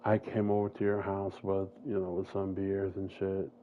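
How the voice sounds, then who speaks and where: A man's voice: deep voice, monotone, moderate pace, phone-quality sound, slight background noise, natural voice. A man voicing a bitter, menacing male villain who taunts his former best friend in a cold, profane way. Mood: taunting.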